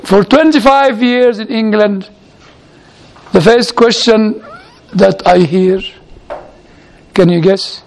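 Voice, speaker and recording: A man's voice: high-pitched, slow, pauses often, a little mellow. A man who is a lecturer and chaplain tells humorous anecdotes in a chatty way. He acts out the dialogue he quotes. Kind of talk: anecdotal storytelling talk.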